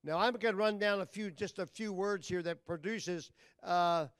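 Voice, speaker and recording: High, smooth-voiced preacher man. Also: moderate pace, no room sound. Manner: folksy plain talk with loud emphatic bursts. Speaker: pastor. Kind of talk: sermon.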